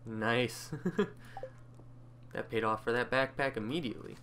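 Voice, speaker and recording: A man's voice: mid-range voice, steady tone, fairly quick, a bit bright, a little hiss or hum. A man hosting his own gaming channel, chatting casually and thinking aloud as he plays, with faint game music underneath. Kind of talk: casual gameplay commentary.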